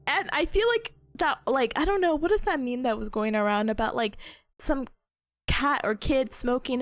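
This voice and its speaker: Hoarse, sick young woman streamer. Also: a little high, normal speed. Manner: bubbly, giggly, greets chatters warmly. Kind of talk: casual chat stream. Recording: faint music in the background.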